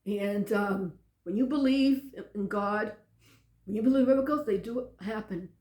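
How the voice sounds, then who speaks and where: A woman pastor telling a personal story, emotional and animated, often repeating phrases. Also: mid-range voice, normal speed, roomy sound.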